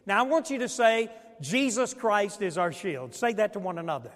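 A man's voice: high voice, lively intonation, normal speed, a bit bright. A man pastor preaching a sermon to his congregation, leading them in call-and-response and repeating key phrases. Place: church sanctuary. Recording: long church reverb.

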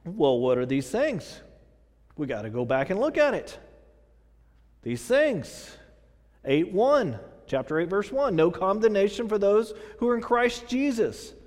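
A man's voice: high voice, very animated, a little slow, a little mellow, long reverb tail. A middle-aged man preaching a sermon in a casual, conversational way, often repeating himself and using fillers. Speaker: pastor.

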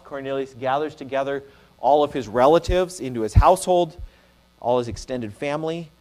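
A man preaching a sermon in an earnest, measured way, sometimes restarting a phrase. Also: mid-range voice, darkish tone. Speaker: pastor.

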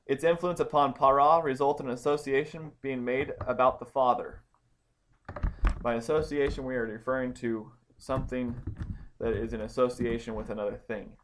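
A man's voice: medium pitch, fairly even intonation, moderate pace, fairly bright tone, slight background noise. Man methodically teaching Greek grammar. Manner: methodical, explanatory, with frequent ums and restarts. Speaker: Bible study teacher. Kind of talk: explaining Greek grammar in a Bible lesson.

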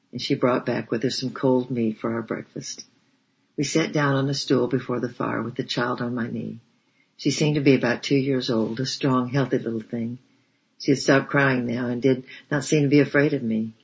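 A man narrating a storybook in a measured, steady reading voice. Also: medium pitch, gravelly, slightly rough. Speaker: audiobook narrator. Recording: dull lo-fi recording.

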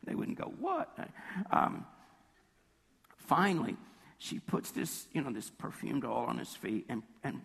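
Hoarse, gravelly male preacher in a reverberant hall. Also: animated, a little slow, pauses often, a bit bright. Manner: conversational storytelling, acts out quotes with jumps in pitch. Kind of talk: sermon.

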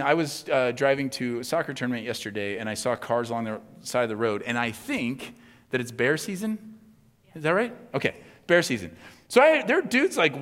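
A man preaching a conversational sermon in a casual, chatty way, full of asides and quick "right?" checks with the congregation. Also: on the high side, a bit bright. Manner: casual, chatty, many asides and tag questions. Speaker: pastor. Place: church sanctuary. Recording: long hall reverb.

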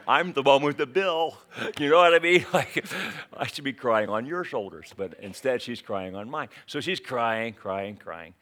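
A man's voice: on the low side, fairly bright tone. A man preaching a sermon in a conversational way, telling a personal story, with frequent restarts. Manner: conversational, anecdotal with many restarts.

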